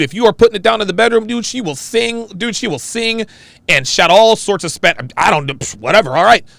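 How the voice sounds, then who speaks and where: A man's voice: high voice, gravelly, a bit bright, dry recording. A man hosting a livestream, giving casual, profane reaction commentary and talking to viewers as "dude.". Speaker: livestream host reacting to a video.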